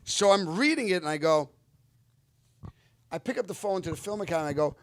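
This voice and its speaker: Man, 50s, actor guest, animated and earnest storyteller, slightly high voice, dry close-mic sound. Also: quick pace, no echo. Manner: animated, lively retelling with acted-out quotes; earnest, reflective when giving life lessons. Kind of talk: casual storytelling interview.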